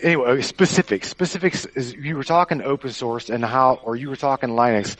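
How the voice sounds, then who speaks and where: A man in a group voice call, speaking in halting, rambling stretches. His pitch is mid-range for a man. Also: a bit bright, poor audio. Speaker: podcast participant. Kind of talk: casual group voice chat.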